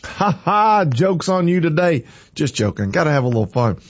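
A man's voice: on the high side, very animated, moderate pace, dry recording. Man, morning show host, folksy and preachy, dry dull lo-fi sound. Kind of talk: casual chat turning to preaching.

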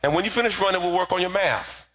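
A man's voice: high-pitched, quick pace, fairly bright tone, voice pushed up. A man voicing a stern Jamaican mother who scolds her restless young son, in a Jamaican accent. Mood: scolding. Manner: scolding, bossy.

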